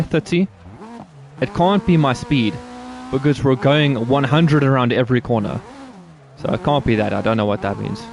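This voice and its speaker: A man chatting loosely over his racing game, wandering from one silly tangent to the next with crude jokes. His voice sits at a middling pitch, with faint game noise underneath. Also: gravelly. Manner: rambling, jokey, crude humor. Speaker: gaming streamer. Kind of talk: casual gameplay commentary.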